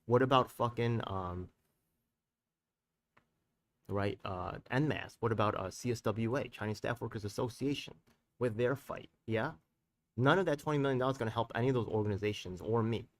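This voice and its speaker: A man's voice: mid-range voice, normal speed, distant mic. A New man holds forth on a live stream in a mid-range voice, swearing freely and slipping into street slang. He rambles between points, fires off questions at his viewers and circles back to his anger. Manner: talks straight to viewers with tag questions. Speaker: community activist and live-stream host.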